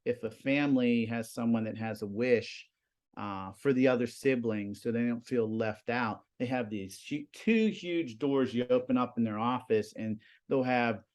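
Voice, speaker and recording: A man in his forties, a high school TV production teacher, chatting in an interview and telling animated stories with lots of "you know" and "like". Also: normal speed. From Pennsylvania, US. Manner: animated storyteller, many fillers. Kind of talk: casual interview chat.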